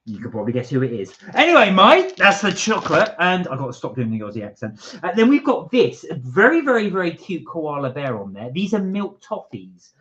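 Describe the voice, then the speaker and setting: A man's voice: mid-range voice, very animated, brisk, few pauses, lo-fi sound. A man co-hosting a casual live stream from home, chatting playfully and reading out viewer comments. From England. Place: at home, indoors.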